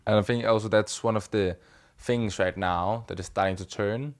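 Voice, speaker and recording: A man hosting a podcast interview, asking loose, rambling questions in a relaxed, casual way. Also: on the low side, moderate pace. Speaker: podcast host.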